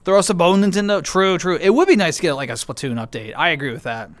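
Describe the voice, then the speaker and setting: A man's voice: high-pitched, fast talker. A man streaming from home, chatting casually with viewers in a playful, chatty way. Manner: chatty, bouncy intonation, playful. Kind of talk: casual chat reading viewer messages.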